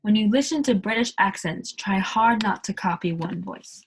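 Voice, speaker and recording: A woman's voice: mid-range voice, lively intonation, normal speed, slightly rough. A woman from the United States hosting a casual tutorial video, chatty and rambling, with lots of fillers. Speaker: video host teaching accents.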